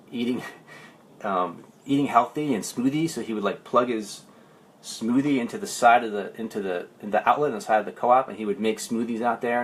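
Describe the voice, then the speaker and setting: A man, a life coach, talking on a Facebook livestream, rambling through stories and then slowing into meditative phrasing. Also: on the low side, a little hiss or hum. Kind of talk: Facebook live talk. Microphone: livestream camera.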